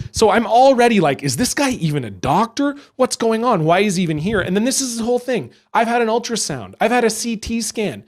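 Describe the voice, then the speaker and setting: A young man telling a story as a stand-up comedian, animated and acting out other people along the way. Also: high-pitched.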